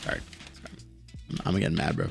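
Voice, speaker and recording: A male streamer with a somewhat low voice rants through casual live commentary, blunt and profane. Faint music sits underneath him. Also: moderate pace, a bit bright. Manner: blunt, profane, heated ranting.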